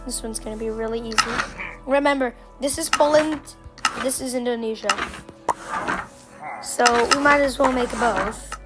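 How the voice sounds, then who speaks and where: A woman's voice: fairly high pitch, over loud music. A woman giving casual, playful commentary on a game tutorial, joking at herself and trailing off with fillers. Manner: slow, playful and self-joking, with many fillers and trailing phrases.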